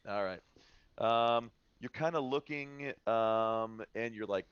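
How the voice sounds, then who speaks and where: A man narrating as game master in a tabletop game, halting and full of filler sounds. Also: mid-range voice, fairly bright tone, clean tone, no echo, muffled recording.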